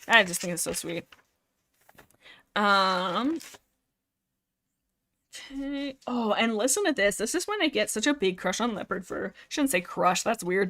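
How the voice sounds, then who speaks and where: A woman's voice: mid-range voice, bright, forceful tone. A woman hosting a casual livestream about a book series. She rambles with many fillers and restarts and reads passages aloud between her comments.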